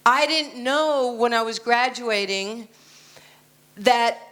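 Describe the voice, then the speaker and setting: A slow, somewhat bright voice on the high side carries this motivational conference talk, given indoors from the stage by an American keynote speaker in her sixties. She is blunt and self-assured and slips in joking asides.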